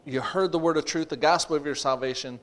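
Male preacher, slightly high voice, emphatic sermon delivery with repeated phrases. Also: fast talker.

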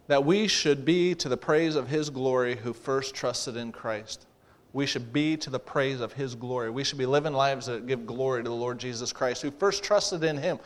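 A man preaching a sermon, emphatic, repeating phrases and pushing his voice louder to drive points home. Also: mid-range voice.

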